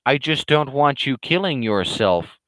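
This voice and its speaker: A man voicing a condescending male online troll, raised in pitch, slow and sanctimonious. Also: animated, fairly bright tone, no room sound, rough recording. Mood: smug lecturing.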